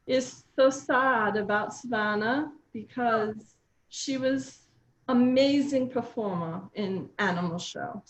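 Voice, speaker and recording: A woman putting on a halting foreign helper. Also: fairly high pitch, a little hiss or hum. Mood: earnest. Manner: put-on foreign accent, halting broken English. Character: foreign female animal-park helper, cheerful. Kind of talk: reading a murder-mystery party script. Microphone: video call. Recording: roomy video call audio.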